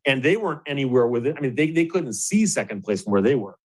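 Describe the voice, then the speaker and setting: A middle-aged man from Michigan, hosting a show and telling a story in a casual, animated way, chuckling now and then and restarting his sentences. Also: medium pitch, fast, poor audio. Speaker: host.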